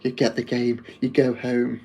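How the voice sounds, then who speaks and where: A man's voice: mid-range voice, monotone, moderate pace, darkish tone, low-quality recording. A man with a Wolverhampton accent chatting casually on a live stream, rambling and laughing often.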